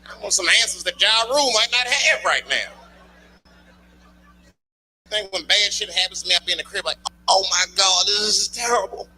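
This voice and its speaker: A man performing a stand-up routine, telling a loose, profane story and shouting his punchlines. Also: high-pitched, lively intonation, fairly quick, pauses often. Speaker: stand-up comedian. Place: comedy club stage before a live audience. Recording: noisy live club recording.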